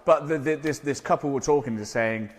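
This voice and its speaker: A man in a casual podcast conversation, animated and questioning, swearing casually. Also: medium pitch, fairly quick, long reverb tail.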